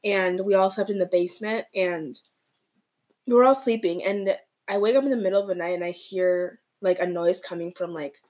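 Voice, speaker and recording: A young woman co-hosts a relaxed podcast conversation. She tells a story in a loose, casual way and fills it with "like". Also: medium pitch, normal speed. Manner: casual storytelling, many "like" fillers. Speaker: podcast co-host. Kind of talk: casual chat.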